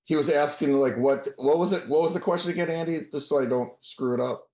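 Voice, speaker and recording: A man's voice: fairly high pitch, fast talker, darkish tone. Host guy on a call, joking around, kinda echoey and muffled sound. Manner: informal, joking. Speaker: roundtable host. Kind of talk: casual video call discussion. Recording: roomy, muffled call audio.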